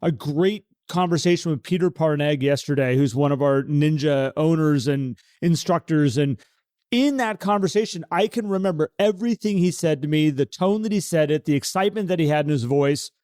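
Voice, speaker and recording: A man co-hosting a podcast in casual conversation, animated and acting out the voices he quotes. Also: fairly high pitch, moderate pace, smooth, no echo, studio quality. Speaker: podcast co-host.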